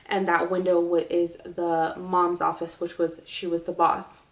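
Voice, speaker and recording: A woman's voice: on the low side, completely flat delivery, measured pace, roomy sound. A woman vlogger telling a story in a casual, rambling way, full of fillers.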